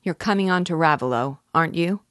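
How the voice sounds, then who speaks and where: A woman reading aloud and voicing a proud, anxious young gentleman who speaks hastily and bitterly. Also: low-pitched, brisk, no echo, clean studio sound. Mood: agitated. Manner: hasty, bitter.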